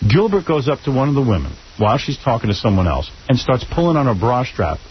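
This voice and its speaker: A man's voice: medium pitch, very animated, fast. A man hosting a radio talk show, joking and asking his guests prodding questions. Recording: dull lo-fi radio broadcast with faint hiss.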